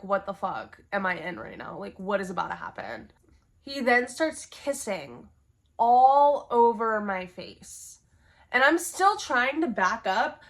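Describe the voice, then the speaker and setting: A young woman telling a personal story to camera, candid and expressive, swearing freely. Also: a little high. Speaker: vlogger. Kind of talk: storytime monologue.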